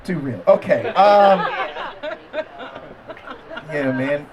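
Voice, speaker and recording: High-voiced man doing stand-up outdoors. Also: drawn-out words, lo-fi sound. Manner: conversational, self-deprecating punchline delivery with crowd asides. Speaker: stand-up comedian. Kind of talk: stand-up set. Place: outdoor backyard comedy show.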